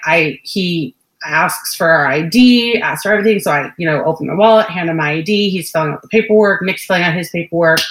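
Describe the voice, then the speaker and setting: With a voice on the low side, this young podcast co-host tells an animated story in casual conversation, swearing freely while acting out what people said. The recording has a roomy echo.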